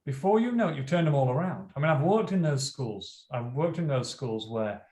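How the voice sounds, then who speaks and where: Man, forties, teacher, earnest storyteller, mid-pitched voice, roomy echo. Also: expressive, a little fast, darkish tone. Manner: earnest, storytelling, acts out classroom dialogue. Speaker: teacher and school principal. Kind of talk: conversational interview. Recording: echoey room.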